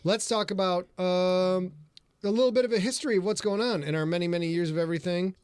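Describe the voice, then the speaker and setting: A man with a somewhat high voice hosts a casual podcast. He tells stories with lively energy and plenty of swearing, sometimes shouting out other people's lines. The room sounds dry. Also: quick pace, smooth, dry recording. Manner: animated, profane, does loud voices in anecdotes. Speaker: podcast host. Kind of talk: casual chat, storytelling.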